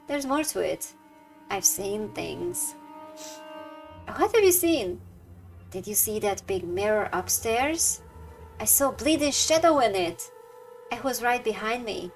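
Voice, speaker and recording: Woman doing a nervous rough-talking guard, game dialogue, slow and lively. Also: fairly high pitch. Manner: rough slangy dialect delivery. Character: jittery gruff working-class male house guard.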